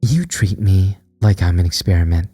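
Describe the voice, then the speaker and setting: A man voicing a cold, detached teenage sister in a spoken horror story, cool and measured. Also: low-pitched, slightly rough, faint music behind. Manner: flat, cool, measured delivery.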